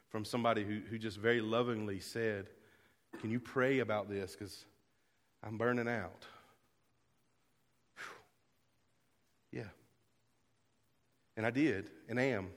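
A man preaches to his congregation in a mid-range voice, earnest and direct. He drops to near hushes, then climbs to loud, fervent appeals. His voice carries a long reverb from a church hall. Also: mid-range voice. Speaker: pastor. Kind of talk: sermon. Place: church sanctuary.

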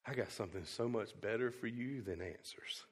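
A male pastor preaching a sermon, swinging from quiet to loud and emphatic. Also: medium pitch, normal speed. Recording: long hall reverb.

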